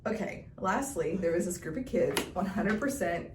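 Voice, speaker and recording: Lively, laughing middle-aged woman, roomy sound. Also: lowish voice, normal speed, background noise. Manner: animated, laughing storyteller. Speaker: podcast co-host. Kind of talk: casual chat, storytelling. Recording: roomy echo, mic at a distance.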